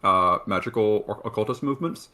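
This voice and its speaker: A man's voice: on the low side, fairly quick, bright, forceful tone. A man in casual chat, thoughtful and hesitant with frequent restarts.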